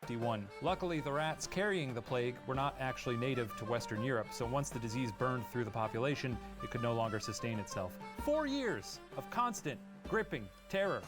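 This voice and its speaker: A man's voice: medium pitch, animated, brisk, few pauses. A man hosting a comedic history quiz, narrating with theatrical flair and putting multiple-choice questions to his guests. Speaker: quiz show host. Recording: music bed behind the voice.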